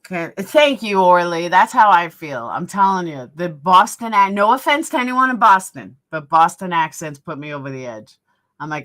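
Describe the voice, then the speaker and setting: A woman's voice: on the low side, animated, moderate pace, fairly bright tone. A middle-aged woman with a New York accent, chatting bluntly on a live stream and answering viewer comments. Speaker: livestream host. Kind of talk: casual live-stream chat.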